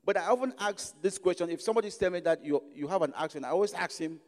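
A man's voice: high-pitched, fast, few pauses, a little mellow. A man from Africa with an African accent, preaching a sermon in church, emphatic and repeating phrases for stress. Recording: long reverb of a large hall.

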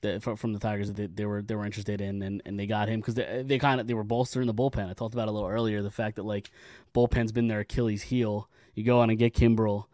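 A man's voice: on the low side, level tone, fast talker, warm tone, no room sound, studio quality. A man guesting on a sports podcast, talking casually and at length, often repeating words as he starts a thought.

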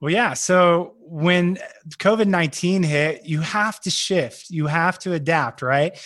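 A man's voice: a little high, a little slow, fairly bright tone, no room sound, studio quality. A man, a real estate investor and guest on a podcast, explaining his business in confident, structured points. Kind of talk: podcast interview.

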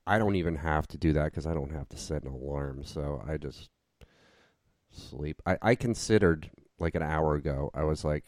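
Podcast co-host, easygoing man, deep voice, dry close mic, rambly casual chat. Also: fairly even intonation, normal speed, a little mellow, no echo. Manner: laid-back, rambling with many fillers.

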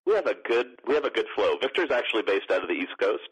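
A man's voice: lowish voice, big pitch swings, fast, a bit bright, breathy edge, muffled recording. A man, co-founder of a sports organization, chatting casually as a radio interview guest, rambling with many restarts and fillers. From grew up partly in Morocco.

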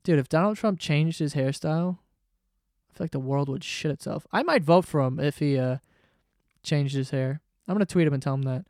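Smooth-voiced man ranting profanely. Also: fairly high pitch, fairly quick, a little mellow, no room sound, studio quality. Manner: profane, sarcastic, rambling. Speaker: podcast host. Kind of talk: casual comedic rant.

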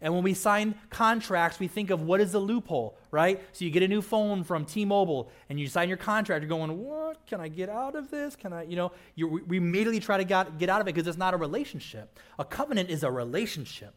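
A man's voice: sits high, fast talker, hardly any pauses. A man pastor giving a conversational sermon, with casual asides and frequent "right?" checks to the listeners.

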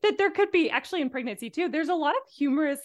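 A woman's voice: high voice, animated, racing. A woman podcast host asking questions in a chatty, curious conversational way. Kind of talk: conversational interview.

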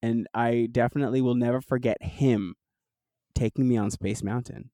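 Man from New Jersey, podcast guest, lively rambling storyteller, laughs a lot, dry close sound. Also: mid-range voice, moderate pace, no echo, low-quality recording. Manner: animated storyteller, laughs often, fillers like "like". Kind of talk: casual interview chat.

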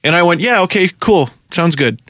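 A young man hosting a podcast, telling a story in casual chat, animated and profane, acting out his own rants. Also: sits high, normal speed, no echo, studio quality. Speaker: podcast host.

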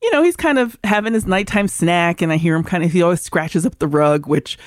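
Animated woman telling a story. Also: lowish voice, a little fast, no room sound, studio quality. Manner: animated storyteller, acts out her cat. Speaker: podcast co-host. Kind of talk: casual chat. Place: converted barn in the country.

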